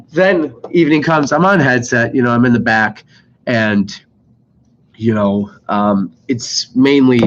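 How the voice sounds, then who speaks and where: A young man, sick, telling rambling, exasperated stories about his fast-food job on a live stream, swearing constantly. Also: medium pitch, fairly bright tone. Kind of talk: casual live-stream storytelling. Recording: slightly dull lo-fi mic with faint noise.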